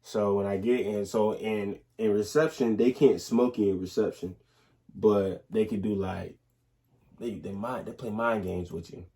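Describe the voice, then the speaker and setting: A young man, casually telling animated stories in a couple's Q&A, full of slang and restarts. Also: lowish voice, unhurried. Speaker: soldier in the Army, husband.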